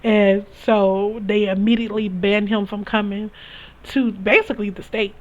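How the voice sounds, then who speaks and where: A young spiritual reader shares her story informally in a medium-pitched, slightly mellow voice, steady and at normal speed. She speaks candidly and with emphasis, often restarting her sentences, on a dull lo-fi recording.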